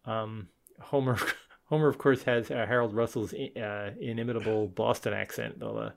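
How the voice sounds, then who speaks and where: A man's voice: fairly low pitch, steady tone, moderate pace, creaky, noisy background. A man co-hosting a casual film podcast, rambling and restarting his sentences, with a chuckle now and then. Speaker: podcast co-host.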